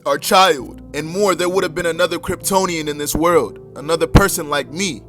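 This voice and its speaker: A man's voice: a little high, normal speed, a bit bright, faint music behind, close to an everyday voice. A man voicing a grieving, furious male superhero with a brooding, accusing tone. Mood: bitter.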